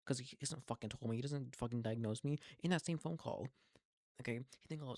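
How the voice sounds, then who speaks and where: An eighteen-year-old man in a casual, profane, rambling monologue, full of halting restarts. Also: mid-range voice, a little mellow, no room sound. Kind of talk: casual venting monologue to camera.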